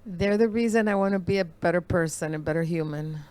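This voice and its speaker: A woman's voice: fairly low pitch, brisk, darkish tone, clean tone. A female guest in an interview, speaking sincerely and briefly about her children. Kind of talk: interview conversation.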